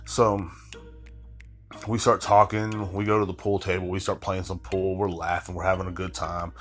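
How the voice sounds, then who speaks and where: A man's voice: low-pitched, flat delivery, moderate pace, soft background music. A man in his thirties hosting a podcast, telling a long story in a loose, rambling way with lots of swearing and asides, sounding tired. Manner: rambling, heavy swearing, frequent filler asides. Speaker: podcast host. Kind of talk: casual storytelling monologue.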